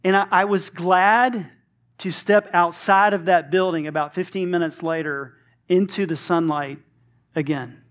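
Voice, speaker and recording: Pastor in his late forties, lighter high voice, animated storyteller who acts out the dialogue; sermon delivery. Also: unhurried. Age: 40s.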